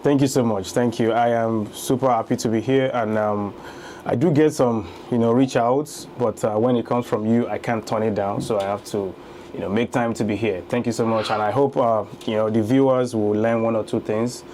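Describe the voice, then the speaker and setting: Nigerian man with a warm, mellow voice. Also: medium pitch, fairly even intonation, moderate pace, slight background noise. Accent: Nigerian, from Lagos. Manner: laughs easily, conversational storytelling. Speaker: guest, real estate investor. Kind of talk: casual interview.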